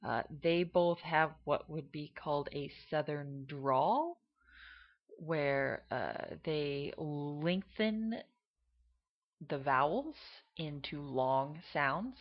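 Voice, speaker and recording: A woman's voice: sits low, expressive, drawn-out words. A woman explaining regional accents in a casual, hesitant way, with many fillers. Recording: dull lo-fi recording.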